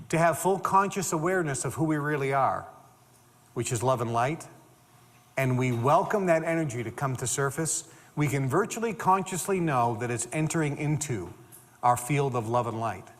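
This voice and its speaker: A man giving a motivational talk, emphatic and animated, repeating phrases for stress. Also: mid-range voice, normal speed, long reverb tail. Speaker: motivational speaker.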